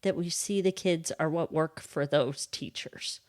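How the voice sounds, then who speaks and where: A woman's voice: sits low, a little slow, a crowd in the background. A woman co-hosting a podcast, chatting casually and telling stories with frequent laughs. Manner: chatty storyteller who laughs often. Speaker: podcast co-host and kindergarten reading teacher. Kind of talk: casual chat.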